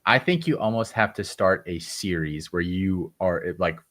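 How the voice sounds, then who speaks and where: A man with a very deep voice, chatting on a sports podcast. He talks freely and offers suggestions, his sentences full of fillers and restarts. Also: expressive, normal speed, a bit bright. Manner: talkative, giving advice, lots of fillers. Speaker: podcast co-host. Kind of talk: casual chat.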